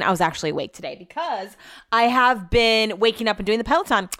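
A woman's voice: fairly high pitch, animated, quick pace, fairly bright tone, no echo, clean studio sound. A young adult woman, a radio show host, telling rambling everyday stories in a casual chat, cursing freely as she goes. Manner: rambling, profane storytelling.

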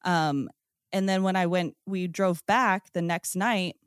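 A woman guest on a podcast, telling her own story in a casual, excited way, with lots of "like" and "um". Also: on the low side, takes it slowly, clean tone, dry recording, studio quality. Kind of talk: casual first-person storytelling.

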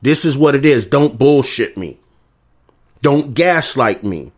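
In a slow, animated, mid-range voice, a man with a Southern US accent launches into a ranting monologue. It's combative, profane, and repetitive.

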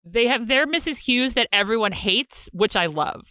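A woman's voice: a little high, lively intonation, normal speed, bright, forceful tone, no echo. A woman co-hosting a podcast in casual chat, rambling and wry, often breaking off mid-sentence. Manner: rambling, self-interrupting, wry. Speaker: podcast co-host.

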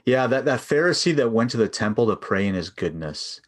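A man talking casually on a podcast about his book, lively and often laughing as he acts out little prayers. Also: mid-range voice, brisk. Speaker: author and guest.

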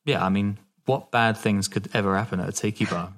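A man's voice: on the low side, fairly even intonation, brisk. A man co-hosting a podcast, telling a story in a laid-back, casual way, laughing often and swearing now and then. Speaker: podcast co-host.

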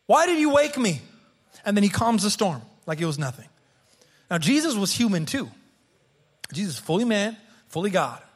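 A pastor in his thirties delivers a sermon in a high voice with a husky edge. He speaks earnestly and often doubles back on his words before pushing the point home. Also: sing-song, normal speed, pauses often. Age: 30s. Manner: earnest, repeats words as he restarts phrases.

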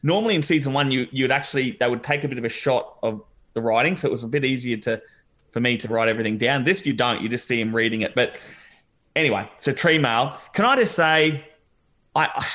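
A man's voice: medium pitch, a little fast, fairly bright tone. A man co-hosting a podcast, chatting casually through a reality show recap and laughing as he retells scenes. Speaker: podcast co-host.

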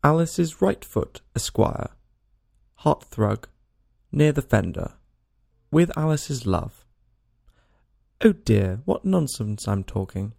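A man's voice: mid-range voice, big pitch swings, slow pace, vocal fry, long pauses, mellow, heavily acted. A man reading a storybook aloud and voicing a small curious girl who talks to herself in a rambling, worried way. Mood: fretting.

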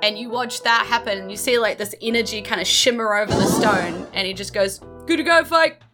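A woman's voice: mid-range voice, fairly even intonation, brisk, over music. A woman narrating a tabletop game as game master in a chatty, descriptive way with lots of fillers.

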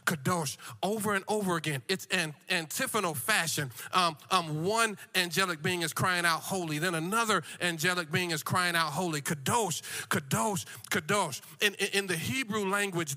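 A man preaches a sermon in a rising and falling African American church cadence. His voice sits high and rings bright and forceful. He stammers into repeated words and calls out to the congregation as he builds. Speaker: guest preacher.

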